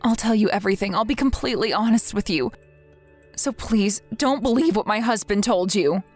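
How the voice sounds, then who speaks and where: A woman's voice: mid-range voice, moderate pace, darkish tone, natural voice. A woman reading the lines of an overworked young wife and mother who apologizes and pleads for help, in a scripted text-message story. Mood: pleading. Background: faint background music.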